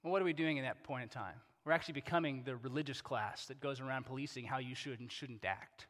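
A male pastor preaching a conversational sermon, animated, with repeated rhetorical questions. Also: mid-range voice, fast talker. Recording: long hall reverb.

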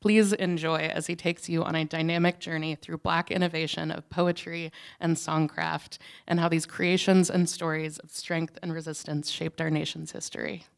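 Woman host chatting on stage, kinda low smooth voice, says um and like a lot. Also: level tone, moderate pace, hardly any pauses. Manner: chatty, self-deprecating, lots of "um" and "like". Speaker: host of the reading series. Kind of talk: casual stage introduction. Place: live reading event.

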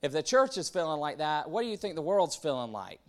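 A man's voice: on the high side, big pitch swings, a little fast. Man, pastor, sermon, conversational, repeats words, questions to the audience.

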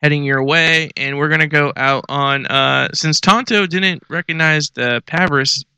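A man's voice: on the high side, measured pace, gravelly, pushed and bright, clear, resonant tone, no echo. A man co-hosting a radio show in a studio, joking around and stumbling through sponsor plugs in laid-back banter. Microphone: studio headphones and mic.

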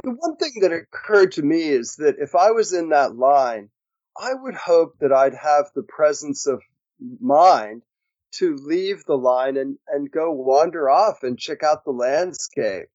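Slow, curious male podcast host. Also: fairly high pitch, expressive, a little mellow, dry recording. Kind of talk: interview questions. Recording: dry, dull lo-fi audio.

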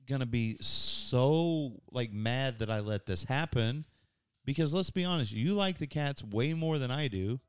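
A man's voice: mid-range voice, expressive, measured pace, clean tone, no echo. A man telling a story in casual chat, dramatic and indignant.

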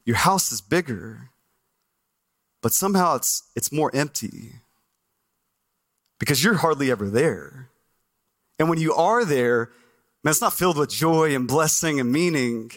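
A man with a high voice preaching a lively Sunday sermon from the stage. He talks straight to the congregation, quizzing them and acting out their excuses in funny voices. The sound has the feel of a church stage microphone. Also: unhurried, long pauses. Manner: animated, asks the congregation questions, acts out listeners' voices. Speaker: pastor.

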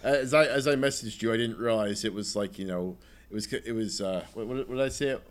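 A man's voice: lowish voice, brisk. A man co-hosting a casual games podcast, thinking aloud in a wry, hedging way. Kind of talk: casual chat about video games.

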